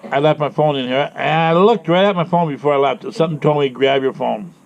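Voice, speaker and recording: A vlogger with a head cold rants angrily about his bad day, swearing and repeating himself in a fast, fairly high, creaky, congested voice. The personal vlog has dull lo-fi sound with faint noise.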